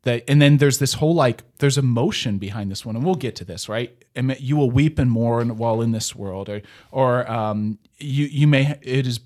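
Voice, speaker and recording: A man's voice: medium pitch, moderate pace, few pauses, a little mellow. A man casually unpacking scripture. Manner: rambling, self-interrupting, frequent "right?". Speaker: podcast co-host. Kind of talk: casual conversational discussion of scripture.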